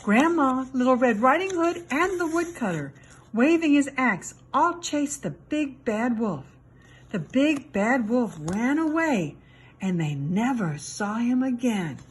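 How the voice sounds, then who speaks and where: Animated woman reading a children's story. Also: high voice, takes it slowly, slightly rough. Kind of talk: storybook read-aloud.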